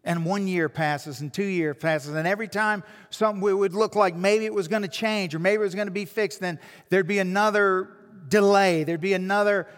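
Pastor guy with a pretty high voice, earnest and repeating himself for emphasis, big church echo. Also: steady tone, a little fast, few pauses, fairly bright tone. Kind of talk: sermon storytelling.

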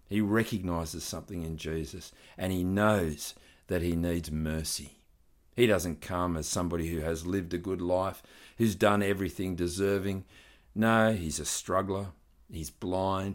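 Low-voiced earnest male preacher. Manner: earnest, reads scripture aloud with rising emphasis. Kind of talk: sermon.

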